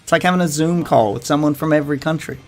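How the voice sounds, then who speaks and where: A male streamer talks loosely and crudely, bragging in a joking tone and cursing freely. His voice sits slightly high for a man. He keeps it conversational. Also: fast, soft background music. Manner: crude, swearing, jokey boasting. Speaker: streamer host. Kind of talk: casual chat.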